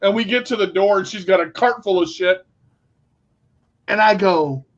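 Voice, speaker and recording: A man co-hosting a casual talk show, telling stories in a blunt, animated way and swearing freely. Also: high voice, moderate pace, pauses often. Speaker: podcast co-host. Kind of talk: casual storytelling chat. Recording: dull lo-fi recording.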